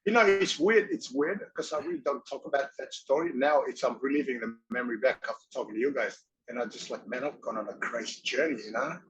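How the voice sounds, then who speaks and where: A man at an ordinary middle pitch who tells his stories in an excitable, rambling way. His grammar is loose, he acts out other people's lines, and he swears now and then. A faint noise sits behind him. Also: fast, few pauses. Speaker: interview guest, former wrestler and actor. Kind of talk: casual storytelling.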